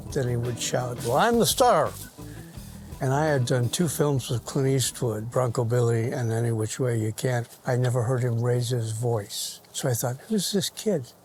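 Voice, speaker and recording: A man recalling a film shoot in a documentary interview, with a mid-pitched voice. He speaks plainly as a cinematographer, with faint music behind.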